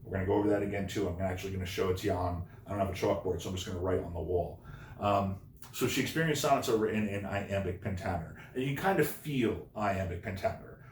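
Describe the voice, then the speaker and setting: A male teacher giving a recorded remote lesson, explaining slowly and repeating the key points. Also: low voice, slight background noise. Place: home room, no classroom. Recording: echoey room.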